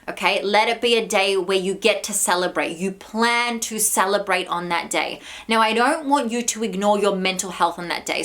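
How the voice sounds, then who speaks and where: A woman speaks straight to her viewers in an advice vlog, warm and encouraging. She sounds a little out of breath, with a voice of middle pitch. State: slightly out of breath. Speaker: vlogger and spiritual coach. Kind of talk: direct-to-camera advice vlog.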